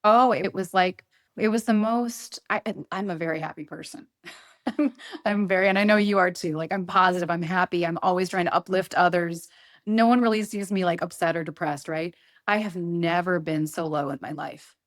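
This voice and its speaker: In an emotional interview, a middle-aged woman speaks earnestly as the guest, often repeating herself and quoting her own thoughts. Her voice is fairly low, and she talks at a normal pace.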